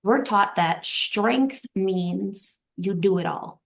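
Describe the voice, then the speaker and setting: Brief: woman podcast guest, earnest and reflective, a bit of vocal fry. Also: medium pitch, slow. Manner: earnest, reflective, repeats phrases for emphasis. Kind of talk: heartfelt podcast conversation.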